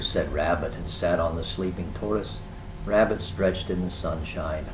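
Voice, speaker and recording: A man's voice: sits low, a little slow, roomy sound, noisy background. A man reading a picture book aloud, with chatty asides to young listeners. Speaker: storyteller.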